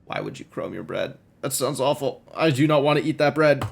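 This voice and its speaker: A man's voice: medium pitch, expressive, normal speed, gravelly, hardly any pauses, fairly bright tone. A man streaming a game, reading its text aloud and adding wry, musing asides.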